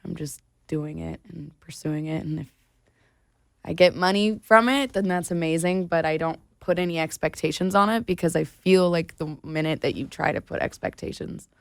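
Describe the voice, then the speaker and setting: A woman's voice: deep voice, moderate pace, vocal fry, no room sound. A woman in her thirties, a singer being interviewed, talking in a meandering, laid-back way. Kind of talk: casual chat.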